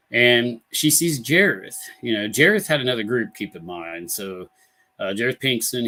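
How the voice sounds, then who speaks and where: A man's voice: lowish voice, sharp tone. A man hosting a paranormal talk show live, telling a story in a rambling casual way full of fillers and restarts, over a computer mic. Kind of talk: casual live-stream chat. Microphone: computer mic on a live stream.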